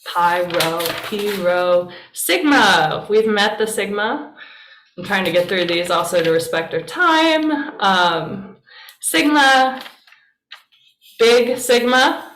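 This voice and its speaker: Woman pastor leading a class, unhurried and chatty, encouraging tone, roomy church hall sound. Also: medium pitch, expressive, a bit bright, a little hiss or hum. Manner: chatty and encouraging, with many fillers. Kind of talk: casual classroom teaching. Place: church meeting room. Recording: roomy echo.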